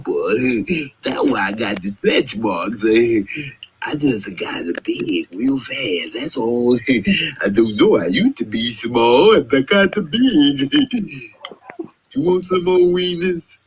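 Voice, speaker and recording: An actor playing a goofy, giggling young male college basketball player, drawling slowly and laughing between phrases. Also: mid-range voice, slight background noise, low-quality recording. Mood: giggly. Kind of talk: TV drama scene.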